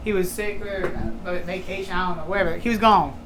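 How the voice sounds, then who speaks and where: A man casually telling school stories as a podcast guest, pausing often with fillers. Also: high voice, fairly even intonation, noisy background. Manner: hesitant, many fillers. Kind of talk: casual chat, storytelling.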